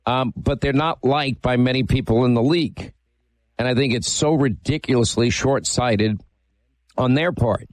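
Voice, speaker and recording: A man's voice: medium pitch, moderate pace, dry recording. A man hosting a radio talk show, chatting casually through a live ad read with frequent fillers.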